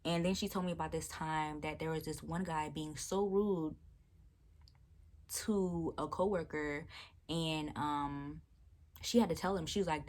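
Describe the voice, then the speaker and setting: A young woman vlogger telling a storytime about a rude customer, animated, blunt and profane. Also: deep voice, a little slow. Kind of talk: storytime chat.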